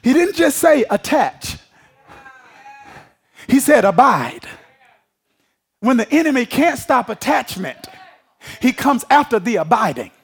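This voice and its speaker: Preacher, male, very high voice with a raspy edge, call-and-response sermon delivery. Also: big pitch swings, normal speed. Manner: emphatic call-and-response preaching, often asking if the congregation follows.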